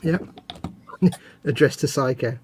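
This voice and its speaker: A man's voice: mid-range voice, slow, a little mellow, a little hiss or hum. A man from England hosting a live stream while building a model kit, chatting casually with dry, self-mocking jokes.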